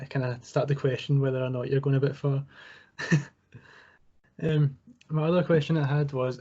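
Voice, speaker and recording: A man hosting a casual interview, asking questions in an even, matter-of-fact way, over muffled video call audio. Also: medium pitch. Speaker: interview host.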